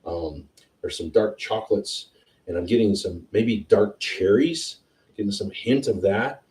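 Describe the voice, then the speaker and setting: A man hosting a whiskey tasting livestream, chatting casually and excitedly as he tastes. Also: on the low side, measured pace, far from the mic. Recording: roomy sound, a bit off-mic.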